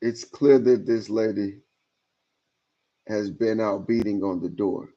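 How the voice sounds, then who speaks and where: A man's voice: fairly low pitch, steady tone, takes it slowly, mellow, highs cut off. A man giving casual commentary as he reacts to messages, often repeating words as he trails off.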